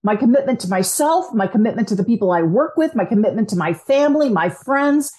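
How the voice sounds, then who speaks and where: Upbeat and encouraging from start to finish, this energetic coach hosts a self-help podcast and talks directly to the listener at a brisk pace. Her slightly high voice takes big leaps upward whenever she voices people's inner thoughts or words.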